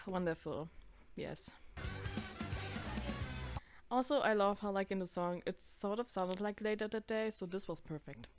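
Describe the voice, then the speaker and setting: A woman's voice: medium pitch, measured pace, long pauses, soft background music. A woman in her twenties giving casual reaction commentary, chatty, swearing freely and laughing at herself. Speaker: video creator.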